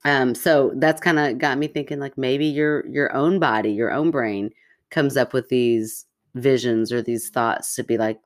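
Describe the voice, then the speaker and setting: A woman's voice: extremely low pitch, fairly even intonation, unhurried. A woman co-hosting a podcast in casual chat, rambling with many "like" fillers. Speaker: podcast co-host.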